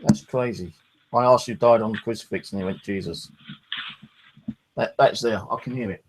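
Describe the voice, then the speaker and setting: A man live-streaming a ghost hunt, talking excitedly to his viewers and swearing now and then. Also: medium pitch, fairly quick, slight background noise. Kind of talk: casual live-stream commentary.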